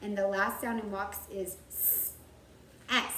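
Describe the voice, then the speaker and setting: Slow, patient kindergarten teacher, woman. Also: mid-range voice, level tone, bright, forceful tone, slight background noise. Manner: slow and patient, sounding out words carefully. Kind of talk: recorded writing lesson for young children. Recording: roomy, from far off the mic, faint background ambience.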